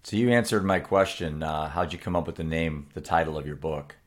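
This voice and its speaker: A man's voice: rumbling low, fairly quick. A man hosting an interview, asking questions and adding short agreements. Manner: brief affirming interjections. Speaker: interviewer, host.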